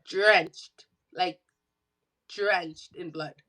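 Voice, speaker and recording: Bright-voiced Toronto woman telling a story. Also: fairly low pitch, very slow, rough recording. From Canada. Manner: animated, swears freely, acts out quoted voices. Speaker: podcast guest, musician. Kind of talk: casual storytelling.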